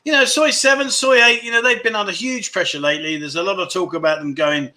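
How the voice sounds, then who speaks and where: A man's voice: sits high, fairly even intonation, fast, pushed and bright. A man hosting a casual livestream, rambling frankly and calling his viewers mate as he reads out their comments. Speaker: livestream host.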